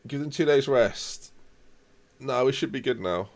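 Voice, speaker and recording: A young man commentating live on his football management game, reacting loudly to the match and chatting to viewers. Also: mid-range voice, unhurried.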